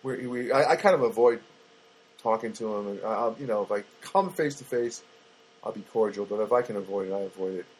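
A man's voice: fairly low pitch, a little fast, husky. A man hosting a podcast, a comedian rambling through everyday grievances with a wry, self-mocking manner. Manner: rambling, self-deprecating, many fillers and restarts. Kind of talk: rambling comic monologue.

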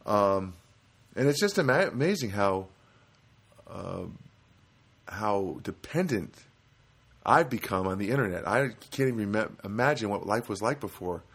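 Low-voiced man telling a rambling, grumbling story. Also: animated, normal speed, fairly bright tone, husky. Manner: self-deprecating, rambling, grumbling. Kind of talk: humorous anecdote monologue.

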